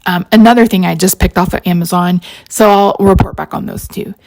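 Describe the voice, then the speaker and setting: A woman's voice: on the low side, fairly even intonation, brisk, gravelly, darkish tone. A woman, narrating a crafting tutorial in a rambling, chatty way full of side stories. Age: 40s. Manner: rambling, storytelling asides, frequent laughs.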